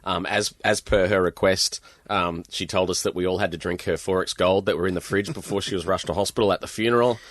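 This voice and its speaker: Australian man, middle-aged, very deep voice, dry close sound, animated rambling storyteller. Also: fast, few pauses, no echo. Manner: animated, rambling anecdotes with Aussie slang. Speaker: guest author. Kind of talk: storytelling in a podcast interview.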